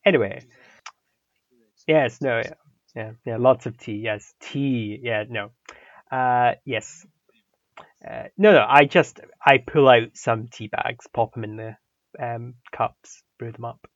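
A man voicing a fussy, prim gentleman who is polite, easily flustered, stammers and mutters to himself, in a tabletop game. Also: medium pitch, slow pace, no room sound. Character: fussy, prim adult male English gentleman. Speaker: player voicing his character. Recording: dull, lo-fi mic.

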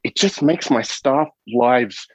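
A man's voice: mid-range voice, slow pace, no room sound. A man who owns an agency and is a guest on a podcast, thinking aloud with many restarts. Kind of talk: casual conversation. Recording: dull, dry lo-fi sound.

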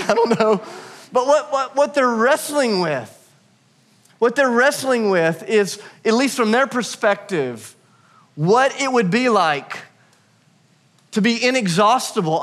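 A man in his thirties preaching a lively, humorous sermon to his congregation, calling on them to answer. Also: sits high, moderate pace. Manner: energetic, humorous, calls out to the congregation. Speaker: pastor.

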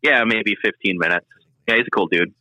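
A man's voice: fairly low pitch, brisk, bright, forceful tone, dry recording, low-quality recording. A man with a Michigan accent, a podcast guest chatting easily and laughing often. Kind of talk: casual interview chat.

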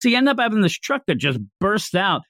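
An animated man with a fairly high voice recaps a story in casual chat. He jumps into silly character voices as he goes. The sound is close and dry, with no room echo. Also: fast talker. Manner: animated, acts out scenes in funny voices. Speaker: podcast co-host.

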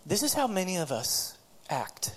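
A woman preaches a sermon with earnest conviction, her voice sitting a little low for a woman. She tells stories and stumbles over repeated words as she builds her point. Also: big pitch swings, normal speed, slightly rough.

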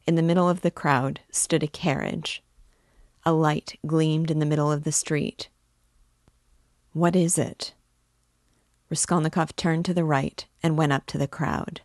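A woman reading a classic novel aloud in measured, deliberate narration. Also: low-pitched, fairly even intonation, no room sound, studio quality. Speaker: book reading guide. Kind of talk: audiobook-style literary reading.

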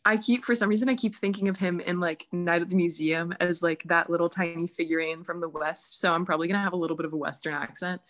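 A woman's voice: on the low side, steady tone, fast talker, few pauses. Woman rambling through a story. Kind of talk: casual chat.

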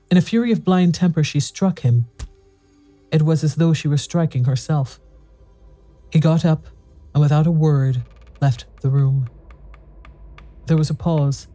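A narrator reading a classic ghost story in a measured storytelling manner. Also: medium pitch, dark tone.

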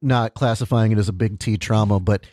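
A man's voice: lowish voice, brisk, a little mellow, no room sound. A man hosting a podcast interview, casual, teasing and easygoing. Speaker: podcast host.

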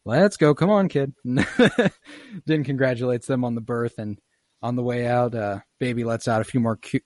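A young man talks through an episode like he's chatting with friends, animated and quick to laugh, with lots of swearing. His voice sounds dry and close, with no room behind it. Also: mid-range voice, dry recording. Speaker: podcast host recapping an episode. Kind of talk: casual chat.

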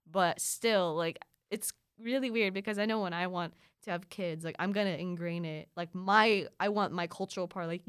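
Chatty young Filipino woman, low voice. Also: smooth, dry recording, studio quality. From Philippines. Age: young adult. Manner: chatty, quick asides and playful voices. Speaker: guest. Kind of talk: casual chat.

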